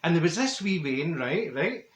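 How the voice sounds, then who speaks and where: A man's voice: fairly high pitch, lively intonation, moderate pace, lightly acted. A man playing a chatty, self-satisfied middle-aged Glasgow woman with a broad Glaswegian accent, rambling through comic gossip in a roomy-sounding space. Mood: gossipy. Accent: Glaswegian Scottish. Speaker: comedy character vlogger. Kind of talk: character comedy monologue. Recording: roomy echo.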